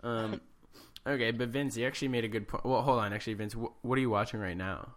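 A man's voice: medium pitch, steady tone, fast. A man co-hosting a podcast, chatting casually and teasing the others. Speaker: podcast co-host. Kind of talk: casual chat.

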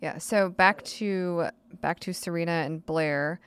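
A woman's voice: lowish voice, unhurried, a bit bright, smooth. A woman co-hosting a podcast, chatting casually with enthusiastic reactions. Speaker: podcast co-host. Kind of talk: casual chat.

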